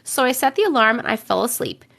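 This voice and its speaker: A young woman hosts a livestream, reading viewers' stories aloud and chatting casually, humming filler syllables as she waits. Her voice is a bit rough as she gets over a cold, pitched on the high side with big swings, fast and slightly bright.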